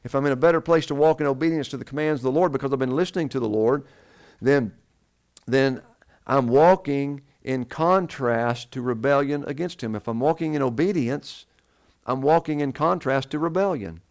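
A man's voice: medium pitch, normal speed. Man preaching a Bible sermon. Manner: questions the congregation and answers himself. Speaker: pastor.

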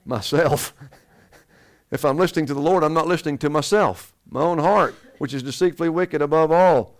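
A man's voice: fairly high pitch, normal speed. A man preaching a sermon to his congregation, asking them questions and answering them himself. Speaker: pastor.

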